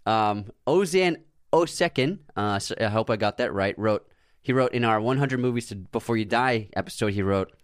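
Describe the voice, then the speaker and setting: A man's voice: lowish voice, normal speed, clean tone, dry recording, studio quality. A man co-hosting a podcast in casual chat, often laughing as he reads out listener comments. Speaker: podcast co-host.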